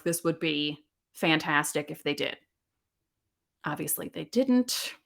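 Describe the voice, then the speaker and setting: A woman in her forties with a fairly low voice talks alone as a podcast host. She tells stories in a candid, animated way and laughs easily. The delivery feels like casual chat, not reading. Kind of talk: casual solo podcast talk.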